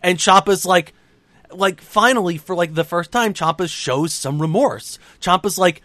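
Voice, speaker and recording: A man with a high voice talks in a loose, casual chat and tells the story with a lot of energy. His swearing is constant. The sound is dry and close, with little room in it. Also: measured pace, no echo. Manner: animated, profane storytelling. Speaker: podcast co-host recapping wrestling.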